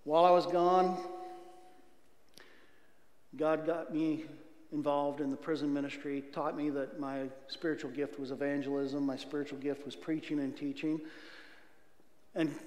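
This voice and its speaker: An earnest middle-aged man shares his testimony from a church pulpit, with a slightly high voice. He swings between loud outbursts and near whispers, and his words ring out in a roomy sanctuary with a long reverb. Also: level tone, unhurried, long pauses. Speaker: guest speaker giving testimony. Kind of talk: testimony sermon. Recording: echoey church hall reverb.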